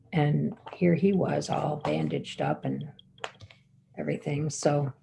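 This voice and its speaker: Woman telling a family story, slow and halting, dark mellow voice with some fry. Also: deep voice, a little hiss or hum, rough recording. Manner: unhurried, halting, with fillers and restarts. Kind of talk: live personal storytelling.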